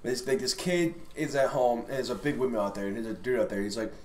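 A man's voice: mid-range voice, fast, a little mellow. A young man on a podcast, casually rambling through a scary story with crude jokes. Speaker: podcast co-host. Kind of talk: casual chat, telling scary stories. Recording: echoey room with music.

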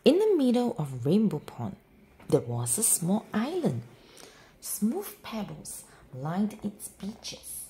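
Slow, expressive woman reading a bedtime story. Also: mid-range voice, echoey room, slight background noise, poor audio. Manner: expressive, sing-song. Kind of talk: children's bedtime story read-aloud.

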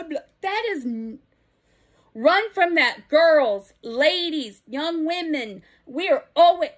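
A woman with a bright, high voice and a Southern accent vents her opinions straight to camera. She is middle-aged, blunt and emphatic, and swears freely as she gets more and more worked up. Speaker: vlogger. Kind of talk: impassioned opinion rant.

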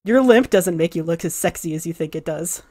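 A woman's voice: fairly low pitch, lively intonation, brisk, darkish tone. A woman voicing a wry young male mage who is dry and sarcastic and mocks himself. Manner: dry, sarcastic and self-deprecating.

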